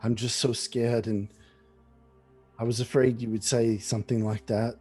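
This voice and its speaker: A man voicing a frightened young peasant woman in a tabletop game, speaking softly, apologetically and haltingly. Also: mid-range voice, level tone, breathy edge, faint music behind, close to an everyday voice. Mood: scared.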